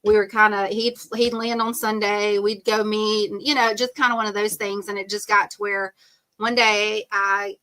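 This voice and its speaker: Bright-voiced chatty woman. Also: medium pitch, flat delivery, moderate pace. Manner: chatty, rambling, full of "um" and "like", laughs often. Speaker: podcast guest. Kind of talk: casual storytelling interview.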